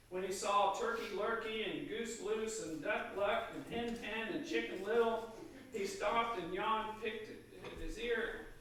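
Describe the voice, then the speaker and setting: High-voiced priest in an echoey church. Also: male voice, far from the mic. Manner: relaxed, loose paraphrasing with fillers. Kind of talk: sermon, storytelling. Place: church sanctuary.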